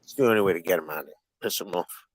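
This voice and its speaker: A man's voice: low-pitched, racing, dry recording, rough recording. A man hosting a livestream panel, talking in a profane, taunting and combative way. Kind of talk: heated livestream panel chat.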